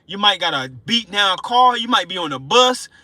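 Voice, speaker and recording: A man preaching an informal sermon, fervent and emotional, repeating himself and slowing down to read scripture aloud. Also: sits high, sing-song, sharp tone, no room sound. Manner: emotional, fervent, repetitive, slows down reading scripture. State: excited and sweating.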